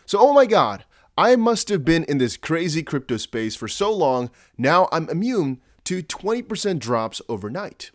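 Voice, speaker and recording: A man's voice: fairly high pitch, big pitch swings, moderate pace, no echo, studio quality. A man with an American-ish accent hosting a casual crypto vlog, chatty and rambling, with jokey asides. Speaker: crypto YouTuber.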